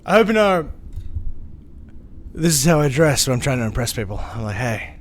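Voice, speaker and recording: A man's voice: on the high side, big pitch swings, brisk, a little hiss or hum. A man streaming a game live, chatting playfully with viewers in a rambling, sing-songy way. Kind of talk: casual live-stream chat.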